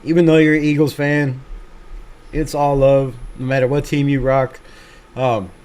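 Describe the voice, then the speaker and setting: Hosting a fan livestream, this man reads out comments from viewers and chats in a relaxed, self-deprecating way, cursing freely. He speaks at a measured pace in a mid-range, somewhat dark voice with little pitch movement.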